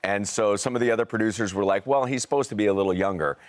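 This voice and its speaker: A middle-aged American man, an actor being interviewed, telling rambling, animated anecdotes. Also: on the low side, quick pace. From United States. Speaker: actor guest. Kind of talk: conversational interview storytelling.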